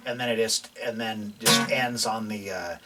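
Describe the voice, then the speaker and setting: A man with a lowish voice gives a relaxed guitar lesson, stopping and restarting as he explains and playing along as he talks. He sits a little back from the mic, and the guitar rings out clearly behind his words. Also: normal speed, distant mic. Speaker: guitar instructor.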